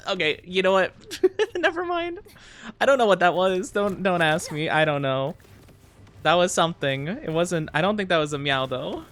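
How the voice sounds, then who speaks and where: A man streaming a game and chatting playfully with his viewers, rambling and giggling, with sudden high squeaks. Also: expressive, normal speed, fairly bright tone. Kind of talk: casual live-stream chat while gaming.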